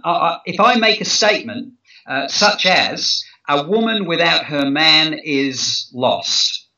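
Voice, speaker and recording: A man with a somewhat high, bright voice talks through his ideas in a relaxed interview, pausing often with "um" and starting words over. He sounds some way off the mic in an echoey room. The recording is a little muffled. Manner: thoughtful, hesitant with many fillers and restarts. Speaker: negotiation expert guest. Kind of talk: conversational interview. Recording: roomy, distant, muffled sound.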